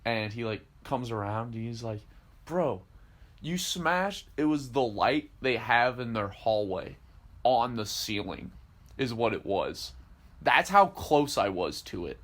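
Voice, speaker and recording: Young guy, podcast co-host, casual and animated storyteller, mid-pitched. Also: measured pace. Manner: animated storyteller, acts out quotes, swears, laughs often.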